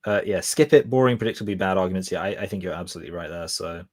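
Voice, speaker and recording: A man's voice: deep voice, very fast, darkish tone. A man with a Southeast English accent, chatting casually and rambling as he streams his reaction to a debate video. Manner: chatty, rambling, laughs often. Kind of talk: casual live-stream commentary.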